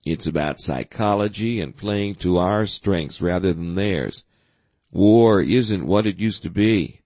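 A man reading the lines of a blunt, forceful middle-aged navy admiral in an audiobook. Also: sits low, slow pace, no echo.

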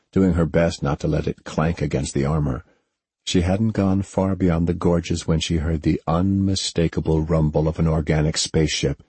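An audiobook narrator reads a scripted story steadily and at a measured pace. His very low voice has a husky grain, and the recording is dry with no room sound.

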